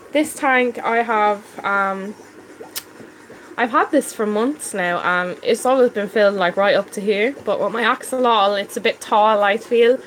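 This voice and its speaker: A chatty woman with a Dublin Irish accent talks through a casual live stream, answering viewers with eager friendliness. Her voice sits a little high, and faint room ambience hums behind her. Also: slight background noise, rough recording. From Ireland. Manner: chatty, answers viewer comments warmly and excitedly. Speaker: fish-keeping live streamer.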